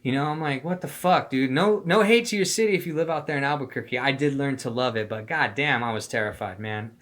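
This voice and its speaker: A man's voice: medium pitch, fast talker, a bit bright. A young man telling a story in casual slang, rambling and profane, acting out the voices of the people he quotes. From Phoenix, Arizona. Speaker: storyteller vlogger.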